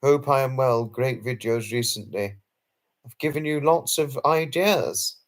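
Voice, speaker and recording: A man's voice: mid-range voice, measured pace. A man hosting a late-night live stream and answering viewers' chat messages. He talks in an effusive, formal and earnest way, often repeating himself and apologizing. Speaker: livestream host.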